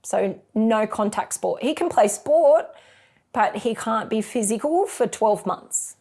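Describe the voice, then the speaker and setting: A woman's voice: fairly high pitch, animated, slow pace, a little mellow. Middle-aged Australian mother. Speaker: mother of interviewee. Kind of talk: recounting memories in an interview.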